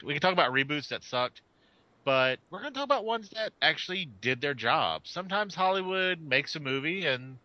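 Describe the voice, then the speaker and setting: A man hosting a casual podcast chat over a voice call, animated and quick to laugh and swear. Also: medium pitch, no echo, muffled recording. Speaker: podcast host. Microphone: home mic over a voice call.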